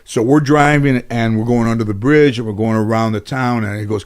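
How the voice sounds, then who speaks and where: A man's voice: mid-range voice, brisk, clear, resonant tone. A middle-aged man, a guest in an interview, telling casual stories in a rambling way full of "you know". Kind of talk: casual storytelling.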